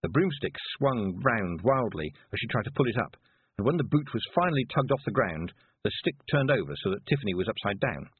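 A male storyteller reading aloud with a husky, lively delivery that moves through his pitch. The recording is dry and close, with a thin phone-like band. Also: fairly quick, dry recording. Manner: expressive, storytelling. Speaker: narrator. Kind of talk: audiobook reading. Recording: dry, phone-like narrow sound.

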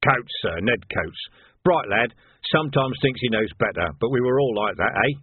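A man's voice: medium pitch, animated, normal speed, husky, no room sound. A man voicing a nervous male sergeant who speaks hesitantly, eager to please. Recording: tinny narrow audio, dry.

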